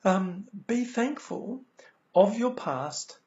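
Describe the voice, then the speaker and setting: A man's voice: high-pitched, expressive, extremely slow, a little mellow. An Australian man giving a motivational talk about lessons from his recovery, earnest, repeating key phrases, with many ums. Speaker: speaker sharing recovery lessons. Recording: dull lo-fi recording.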